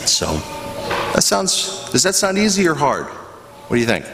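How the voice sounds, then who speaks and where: A man, a pastor, giving a children's sermon in a church, telling a story with animated voices and asking the kids questions. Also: fairly high pitch, a little slow, gravelly, background noise. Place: church sanctuary. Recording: echoey church hall, faint ambience.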